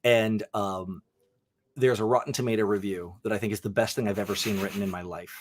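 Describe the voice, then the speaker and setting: A man's voice: lowish voice, steady tone, fairly quick, slight background noise. A young man talks movies with friends, eager and rambling, his delivery full of fillers. He sounds like a podcast host who gets carried away with his opinions. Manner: enthusiastic, rambling, lots of fillers. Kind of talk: casual movie review chat.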